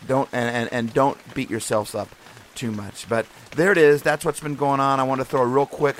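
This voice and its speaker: A man's voice: mid-range voice, fairly even intonation, normal speed, a little hiss or hum. A man hosting a podcast, giving a casual devotional talk in an earnest, encouraging way that rambles and restarts often. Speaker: podcast host.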